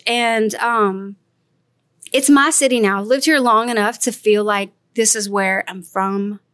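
A woman's voice: fairly high pitch, fairly bright tone, dry recording, studio quality. A woman in her forties from Louisiana with a Cajun accent, chatting and laughing as a podcast guest, calling herself sassy. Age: 40s. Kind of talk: casual interview chat.

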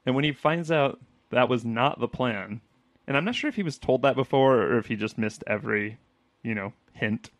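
A man co-hosting a casual chat podcast, chatty and quick to laugh, acting out lines as he talks. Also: medium pitch, dry recording. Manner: chatty, laughs often, acts out quotes. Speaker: podcast co-host.

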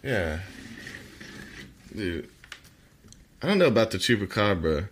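A man's voice: lowish voice, sing-song, slow pace, slight background noise. A man co-hosting a casual podcast chat, laid-back and swearing freely, laughing as he stumbles through reading aloud. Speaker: podcast co-host.

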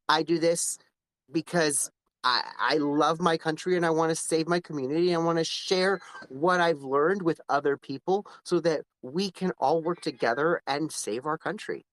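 A man's voice: on the high side, a bit bright, no echo. A man speaking as an interview guest, emphatic and repetitive, often restarting his sentences. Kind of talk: conversational interview.

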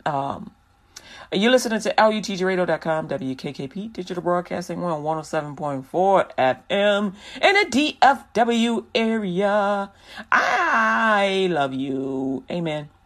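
A man's voice: sits high, expressive, normal speed. A man hosting a Christian radio show, talking in a loose, slangy, rambling way and preaching casually to listeners.

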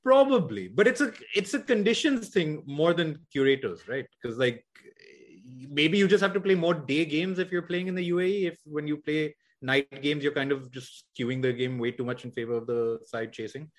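A man's voice: on the high side, animated, moderate pace. A man co-hosting a podcast in casual cricket chat, rambling with many restarts and hedges. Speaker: podcast co-host.

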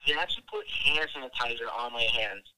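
A man's voice: medium pitch, a little fast, a crowd in the background, poor audio. A young man from Wisconsin telling a long, profane story in a rambling, casual way, full of filler words. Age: young adult. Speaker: podcast guest telling a story.

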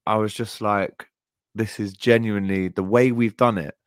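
A man's voice: fairly low pitch, steady tone, moderate pace, clear, resonant tone, dry recording, clean studio sound. A man co-hosting a podcast in casual chat, enthusiastic and heartfelt, often calling his co-host "mate" and "bro". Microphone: podcast microphone.

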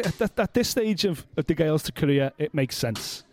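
A man's voice: a little high, lively intonation, normal speed, darkish tone. A man co-hosting a podcast, chatting casually and bluntly about boxing with plenty of swearing and jokes. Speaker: podcast co-host.

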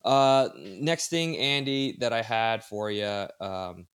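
A man's voice: fairly low pitch, slow pace, fairly bright tone, smooth, dry recording, studio quality. A man co-hosting a casual sports podcast, talking in a loose conversational way with asides. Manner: conversational, many restarts and asides. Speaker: podcast co-host.

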